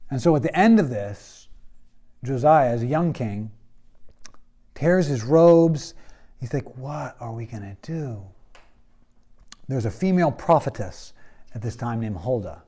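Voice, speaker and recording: A man's voice: mid-range voice, expressive, measured pace, long pauses, warm tone. Conversational male Bible teacher. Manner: conversational storytelling with many fillers. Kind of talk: classroom lecture.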